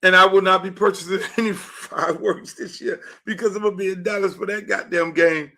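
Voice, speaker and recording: A man from Miami hosting a podcast, delivering a fired-up, profane sports rant and shouting out the quotes he acts. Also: high-pitched, steady tone, a little fast, hardly any pauses. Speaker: podcast host. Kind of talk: unfiltered sports commentary monologue.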